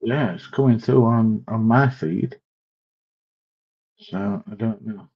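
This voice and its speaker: A man's voice: lowish voice, takes it slowly, gravelly, long pauses, breathy edge, highs cut off. A man hosting a casual livestream, chatting loosely and reading viewer comments aloud while recovering from illness. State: recovering from illness, slightly short of breath. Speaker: livestream host.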